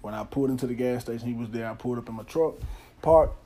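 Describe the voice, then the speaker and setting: A fast-talking man with a warm, mid-range voice hosts a podcast from the Nashville area, telling a casual personal story that touches on being a dad to his son. He speaks candidly, curses a lot, and circles back to the same points, with slight background noise in the clip.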